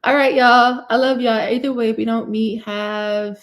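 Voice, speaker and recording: A woman's voice: a little high, fairly even intonation, normal speed. Casting note: young New woman, chatty livestream host who laughs easily and answers comments. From Newark, New Jersey. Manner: warm, chatty, laughs often and jokes with viewers. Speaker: cosmetic chemist hosting a live hair-care Q&A. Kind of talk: casual livestream chat, reading comments.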